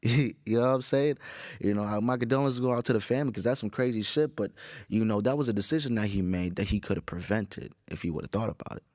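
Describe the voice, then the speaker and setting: A tired, groggy man hosting a casual solo podcast, rambling with profanity and animated storytelling. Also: fairly low pitch, fast talker, no room sound, clean studio sound. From Chicago area. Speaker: podcast host.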